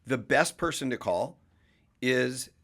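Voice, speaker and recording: A man's voice: medium pitch, lively intonation, slow pace, fairly bright tone. A man talking on a casual podcast as a mortgage professional guest, explaining things emphatically in long runs.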